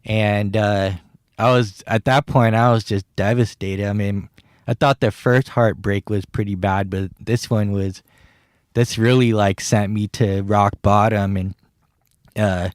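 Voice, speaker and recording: A man's voice: fairly low pitch, fairly even intonation, a little slow, clear, resonant tone, no room sound, studio quality. A man casually telling a personal story on his podcast, rambling and laughing at himself as he acts out the dialogue. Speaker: podcast host.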